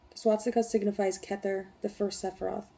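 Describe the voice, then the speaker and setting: A woman vlogger who reads a text aloud haltingly and breaks off into rambling, profane talk. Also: medium pitch, little pitch movement, dark tone. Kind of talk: reading aloud and casual ranting.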